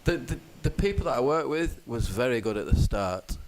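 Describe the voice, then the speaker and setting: A man's voice: mid-range voice, animated, moderate pace. A man in his fifties from Northern England with a Lancashire accent, talking bluntly as a guest in a casual chat. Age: 50s. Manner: blunt, swears freely, laughs easily. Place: bar or house in a warm country. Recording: background noise.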